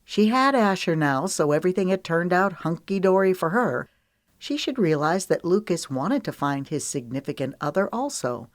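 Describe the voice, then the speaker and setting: Woman reading a romance audiobook, kinda low voice, dry close sound. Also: lively intonation, moderate pace, dry recording. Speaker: audiobook narrator. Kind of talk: scripted romance audiobook narration.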